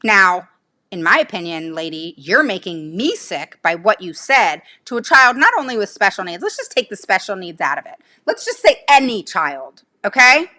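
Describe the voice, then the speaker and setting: A woman's voice: mid-range voice, sing-song, moderate pace, bright, forceful tone. A woman talking casually to her viewers as a special education advocate, emphatic and indignant, firing off rhetorical questions. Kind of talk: casual livestream talk to viewers.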